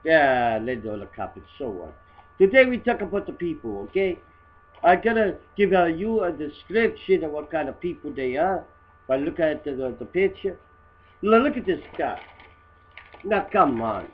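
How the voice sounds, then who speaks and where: Guy doing a rude rambling dude, broken english, husky voice, muffled lo-fi home audio. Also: on the high side, very animated, moderate pace. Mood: mocking. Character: crude, rambling immigrant guy mocking photos. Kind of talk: comedy satire monologue.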